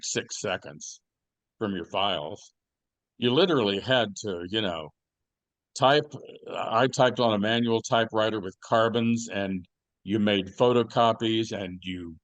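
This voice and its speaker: A man's voice: fairly low pitch, dry recording. A man co-hosting a podcast, chatting casually and telling rambling stories with plenty of fillers and restarts. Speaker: podcast co-host. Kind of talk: casual chat.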